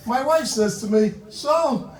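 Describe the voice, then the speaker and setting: High-voiced older male stand-up comic. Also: lively intonation, normal speed, darkish tone. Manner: punchy, conversational joke delivery. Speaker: stand-up comedian. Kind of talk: stand-up routine. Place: comedy club stage with laughing audience. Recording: roomy hall, mic from far.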